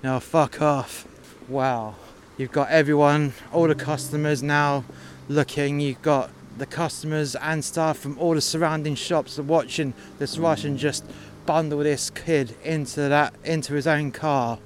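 A man's voice: fairly high pitch, fairly even intonation, measured pace, a little hiss or hum. A man telling a work story in a blunt, mocking, profane way. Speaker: podcast storyteller. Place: outdoors in freezing cold.

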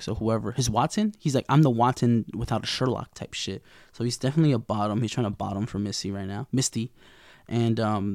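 A man's voice: medium pitch, a little mellow, dry recording, studio quality. A young man casually recapping a TV episode in a slangy, rambling way, acting out the characters' lines. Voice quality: gravelly, with vocal fry.

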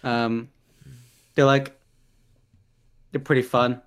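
A man's voice: medium pitch, flat delivery, slow, clean tone. A young man co-hosting a podcast, talking in a casual, rambling way with plenty of fillers. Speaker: podcast co-host. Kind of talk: casual chat.

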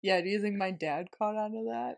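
A woman's voice: medium pitch, fairly quick, creaky. A woman co-hosting a casual podcast, chatting and laughing easily. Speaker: podcast co-host. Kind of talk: casual chat.

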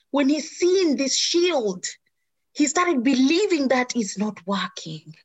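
Middle-aged woman, personal testimony, slightly high voice, earnest and emotional, halting restarts. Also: a bit bright. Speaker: speaker sharing a personal story.

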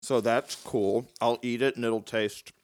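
A man in a loose, joking podcast chat who stumbles through restarts as he rambles on. His pitch sits in an ordinary middle range, and the recording is close and dry with no room sound. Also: steady tone, measured pace, clear, resonant tone, no echo. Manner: rambling, jokey, restarts often. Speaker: podcast co-host. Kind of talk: casual chat.

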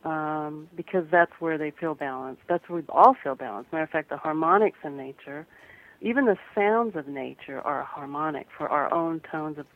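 A woman from the American Midwest, a guest photographer and author, speaking earnestly and gently with some restarts in a radio interview. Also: deep voice, moderate pace. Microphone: phone. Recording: tinny phone line.

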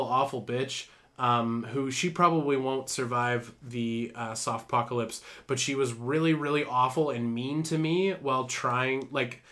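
Young podcast guy, laughs a lot, rambly and loose, mid pitch. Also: a bit bright. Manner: laughs often, loose storytelling with many fillers. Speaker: podcast host. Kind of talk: casual chat.

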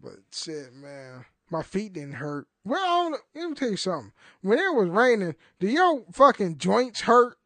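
A man's voice: sits high, big pitch swings, normal speed, bright, forceful tone, no echo. A young man hosting a solo podcast, rambling and swearing in casual talk, laughing often and restarting his sentences. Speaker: podcast host.

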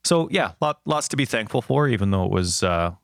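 Man, thirties, low voice, dry close sound, rambling chatty storyteller. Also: a little fast, vocal fry, no room sound. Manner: rambling, animated storytelling with fillers. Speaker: podcast co-host. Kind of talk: casual chat.

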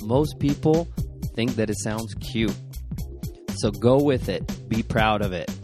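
A man's voice: lowish voice, slow pace. A man hosting a podcast, giving an upbeat, encouraging intro. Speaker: podcast host. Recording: music bed under the voice.

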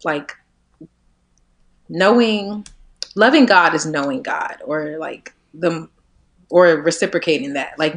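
A woman in her twenties talking reflectively as a podcast guest, laughing often and trailing softer at the ends of her thoughts. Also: deep voice. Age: 20s. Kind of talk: casual conversation.

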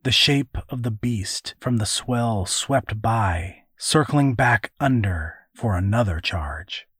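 A man narrating an adventure story in a measured, even audiobook reading. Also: on the low side, breathy edge, no room sound, clean studio sound.

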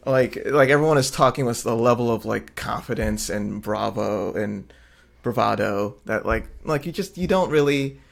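A man co-hosting a podcast in casual chat, relaxed and joking, with lots of likes and ums. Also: medium pitch, moderate pace, gravelly. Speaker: podcast co-host.

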